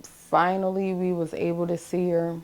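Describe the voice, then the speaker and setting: In this documentary interview, a bereaved middle-aged mother from the Philadelphia area tells her story haltingly and with deep emotion, often starting over. Her voice sits on the low side with a darkish tone.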